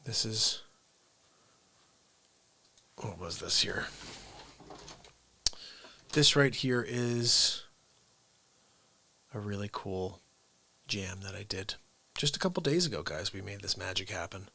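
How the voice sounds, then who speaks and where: A man's voice: lowish voice, expressive, takes it slowly, creaky, long pauses, pushed and bright, breathy edge. A man hosting a casual livestream, rambling playfully and often dropping into whispered asides. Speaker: livestream host.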